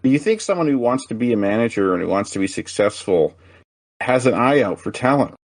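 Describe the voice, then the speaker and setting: A man's voice: medium pitch, lively intonation, brisk, no echo. A man on a podcast, discussing a film and putting questions to the others. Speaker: podcast co-host.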